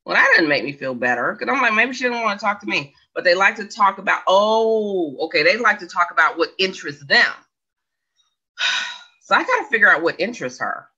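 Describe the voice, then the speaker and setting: A woman's voice: on the low side, lively intonation, brisk, bright, forceful tone, breathy edge. A woman in her forties hosting a casual livestream, rambling, chatty and questioning herself as she reads viewers' comments. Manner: chatty, rambling, self-questioning, laughs often. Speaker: livestream host reading chat. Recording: dull lo-fi sound.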